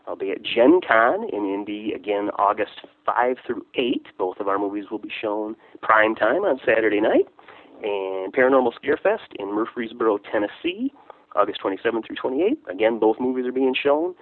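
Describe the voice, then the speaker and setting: A man's voice: lowish voice, no room sound. A man leaving an upbeat, promotional voicemail, listing event dates. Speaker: voicemail caller, indie filmmaker. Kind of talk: casual voicemail message. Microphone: phone. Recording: tinny phone line.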